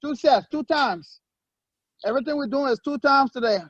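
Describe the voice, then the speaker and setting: Male fitness coach, very high voice, energetic short commands; muffled lo-fi, dry sound. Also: moderate pace, dry recording. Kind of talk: leading a workout session.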